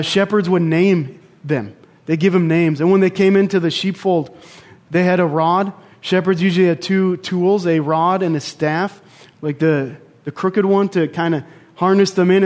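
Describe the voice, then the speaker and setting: A young man preaches a casual sermon, speaking conversationally with asides and personal stories. His voice is high and a little mellow, and his storytelling includes asides and restarts.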